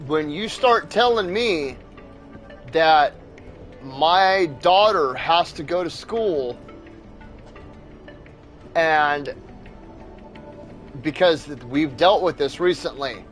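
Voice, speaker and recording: A man's voice: a little high, expressive, extremely slow, long pauses, fairly bright tone, faint music behind. A young man and father hosting a gaming video, ranting in a heated, profane, blunt way. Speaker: gaming channel host. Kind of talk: ranting commentary over gameplay.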